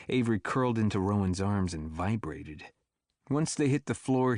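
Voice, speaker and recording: A man narrating an audiobook thriller in a steady, even storytelling manner. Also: on the low side, dry recording, studio quality. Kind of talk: scripted narration.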